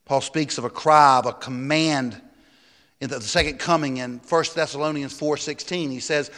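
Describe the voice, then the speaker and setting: A man's voice: medium pitch, fairly even intonation, moderate pace, a bit bright. A pastor preaching a sermon, stressing his points and asking the congregation rhetorical questions. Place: church sanctuary. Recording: long hall reverb.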